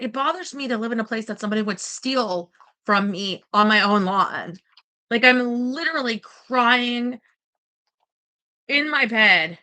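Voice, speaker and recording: A woman's voice: fairly high pitch, bright, forceful tone. A woman venting in a casual vlog, indignant and profane, rambling with restarts. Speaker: vlogger.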